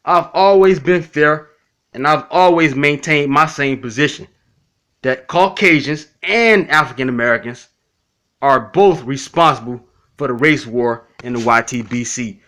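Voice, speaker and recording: A man's voice: on the high side, pushed and bright. A man talking casually and bluntly to his critics in a response video, repeating himself and cursing freely. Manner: blunt, repetitive, profane, addresses critics directly. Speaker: YouTube commentator.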